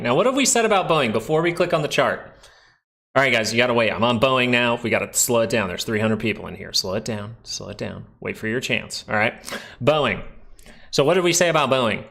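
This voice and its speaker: A man's voice: mid-range voice, sharp tone. A young man hosting a casual stock market livestream, chatting loosely and talking straight to his viewers in the chat. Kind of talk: casual live-stream market commentary.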